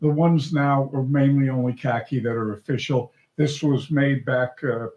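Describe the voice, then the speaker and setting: An older man speaks at a mid pitch in a relaxed way and pokes fun at himself. He is a scout leader explaining things in a casual chat. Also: moderate pace, dull audio. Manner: laid-back, self-mocking.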